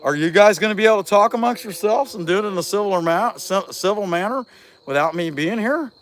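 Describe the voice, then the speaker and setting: A fairly high-voiced man, chatting loosely on a livestream while he works. He rambles in a folksy way, telling stories and answering viewers as they come in. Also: expressive, fast talker. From Southeast Ohio. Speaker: chainsaw carver and livestream host. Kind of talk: casual livestream chat reading viewer comments.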